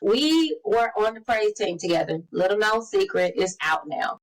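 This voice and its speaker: A woman in her forties co-hosting a podcast, telling stories in lively casual chat and acting out the quotes. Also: medium pitch, moderate pace, low-quality recording. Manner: animated storyteller, acts out quotes. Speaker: podcast co-host.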